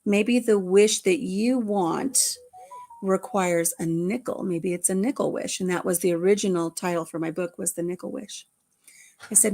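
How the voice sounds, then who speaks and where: Gravelly-voiced grandmother telling a story. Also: medium pitch, moderate pace. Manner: animated storyteller, acting out voices. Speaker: host. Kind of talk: casual storytelling chat.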